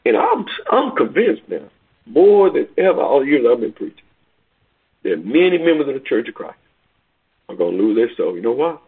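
Gravelly man over tinny radio. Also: medium pitch, sing-song, normal speed. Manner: call-and-response preaching, rising to near-shouts on key phrases. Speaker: preacher. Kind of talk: sermon. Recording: tinny phone-like radio broadcast.

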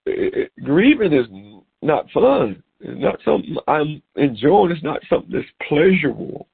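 A middle-aged man preaching a sermon over a phone call, animated and repeating words as he goes. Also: on the high side, normal speed, vocal fry, slightly rough. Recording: tinny phone-line sound.

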